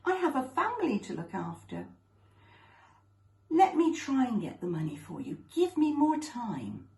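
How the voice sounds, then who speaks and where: A woman's voice: on the high side, sing-song, a little slow, gravelly, a little mellow, pitched above the performer's own voice, full character voice. A woman voicing a male servant who begs and pleads, recorded with a roomy echo. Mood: pleading. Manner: begging and pleading.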